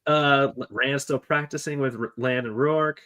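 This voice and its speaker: A man's voice: medium pitch, fairly even intonation, moderate pace, bright, forceful tone. Rambling, joking male podcast co-host. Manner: rambling, filler-heavy, joking. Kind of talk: casual book discussion.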